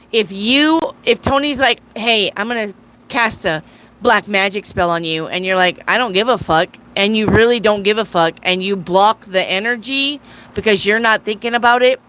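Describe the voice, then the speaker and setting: Female tarot reader, live-stream host, blunt and casual with swearing, bright, forceful voice. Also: a little high, a little hiss or hum, rough recording. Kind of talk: live tarot reading with chat questions.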